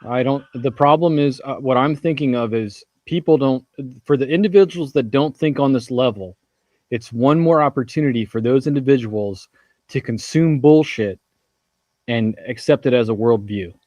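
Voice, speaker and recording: A man in a casual talk who muses over his concerns and often restarts his sentences. His voice is at a middle pitch and sounds dry and close to the mic. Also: normal speed, darkish tone, no echo. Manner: reflective, hesitant, restarts sentences. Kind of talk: casual discussion.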